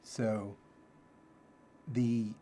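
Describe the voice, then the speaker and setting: A man's voice: on the low side, level tone, extremely slow, warm tone, slight background noise. A man hosting a casual livestream talk, thinking aloud and repeating his key phrases. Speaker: livestream host teaching self-development ideas.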